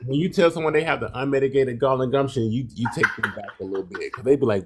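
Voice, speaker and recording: A man's voice: mid-range voice, quick pace, background noise. A man co-hosting a live stream in casual chat, playful, who acts out quotes in a raised voice. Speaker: livestream co-host.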